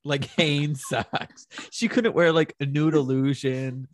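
A woman's voice: low voice, fairly even intonation, slow pace, dry recording. A young woman co-hosting a casual podcast chat, playful and teasing with frequent laughs. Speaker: podcast co-host.

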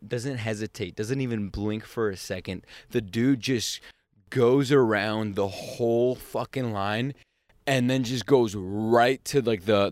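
Profane storytelling man, smooth voice. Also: lowish voice, no echo. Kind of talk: casual chat.

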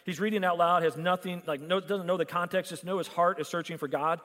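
Man, pastor, storytelling sermon, slightly high voice, long hall echo. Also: fairly even intonation, brisk, fairly bright tone. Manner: storytelling, acts out dialogue.

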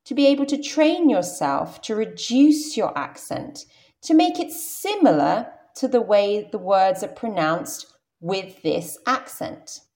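A woman's voice: mid-range voice, big pitch swings, takes it slowly, a little mellow. A young adult woman with a modern received pronunciation British accent, teaching English in a careful, explanatory lesson. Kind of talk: scripted podcast lesson.

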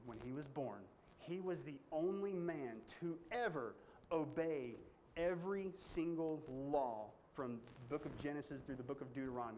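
A man preaching a sermon in a folksy, emphatic way, climbing high when stirred. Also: darkish tone, a little hiss or hum. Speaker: pastor.

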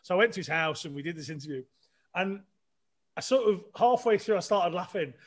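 A man's voice: high voice, animated, a little fast. A middle-aged man with a chatty, self-deprecating manner, telling stories casually as a podcast guest, with many restarts. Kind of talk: casual storytelling.

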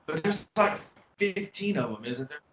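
A man hosting a podcast, chatting casually in a relaxed way and often repeating words as he starts a thought. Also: fairly high pitch, normal speed. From United States. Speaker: podcast host. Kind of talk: casual chat. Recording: roomy sound, distant from mic, faint noise.

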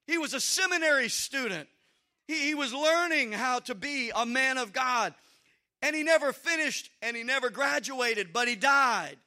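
A man preaching a sermon with emphatic delivery, building to shouted peaks and dropping into quiet asides. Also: extremely high pitch.

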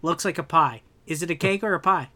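A young man in casual podcast chat, animated and ranting, swearing freely as he rants. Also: fairly high pitch, brisk. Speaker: podcast co-host.

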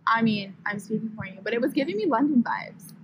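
A woman guest on a podcast, chatting in a giggly, animated way, outdoors in a park. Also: fairly high pitch, quick pace, slight background noise, poor audio. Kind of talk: casual chat. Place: outdoors in a park, on a grassy slope.

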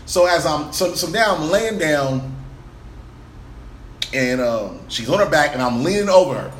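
A man on a podcast, telling a story in an animated, profane way and laughing as he goes. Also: fairly high pitch, measured pace, echoey room, a little hiss or hum. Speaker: podcast guest. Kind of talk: storytelling, casual chat.

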